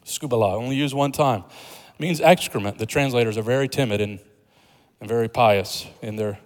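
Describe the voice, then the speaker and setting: Preaching with humor and a conversational ease, this pastor builds toward emphatic moments. He speaks at medium pitch and a slightly quick pace, with the sound carrying a long hall reverb.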